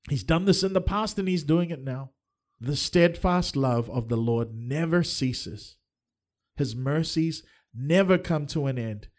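A man's voice: mid-range voice, darkish tone. A middle-aged man preaching a livestreamed sermon, earnest and fervent, with touches of light humor. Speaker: pastor.

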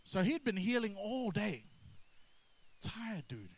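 A man preaching a sermon, energetic and drawing responses from the congregation. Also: high-pitched, takes it slowly, poor audio. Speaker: pastor.

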